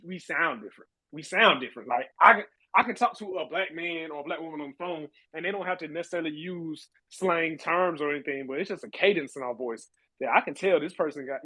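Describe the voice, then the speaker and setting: A man hosting a live audio chat room, speaking in a fairly high voice with a dry, close sound. He rants with energy, swears freely and laughs often between points. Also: breathy edge, no room sound. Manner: animated, laughing, profane rants. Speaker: host.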